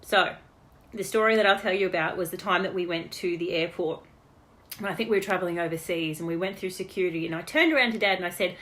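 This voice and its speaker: Australian woman with a lower voice, talking off the cuff and fondly recalling family stories, chatty. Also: steady tone, fast, a bit bright. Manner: chatty, reminiscing, laughs between stories. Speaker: daughter giving a birthday message. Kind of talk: unrehearsed personal birthday message.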